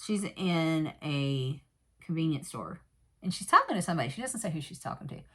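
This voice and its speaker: A woman's voice: deep voice, big pitch swings, a little fast, husky. A woman casually recapping a true crime episode in a rambling way, with many fillers and asides and candid personal comments.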